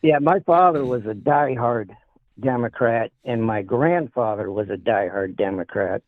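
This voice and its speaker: A man's voice: mid-range voice, a little slow, dry recording. A man from Northeast Ohio calling in to a political talk show, rambling and laughing as he tells his story. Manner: rambling, laughing, repeats himself. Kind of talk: casual call-in debate. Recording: tinny phone line.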